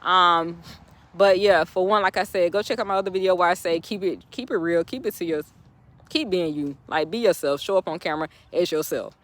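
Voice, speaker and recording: A woman's voice: lowish voice, a little fast. A woman speaking, giving a chatty, encouraging motivational talk to her viewers, turning preachy at times. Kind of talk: casual motivational talk to camera.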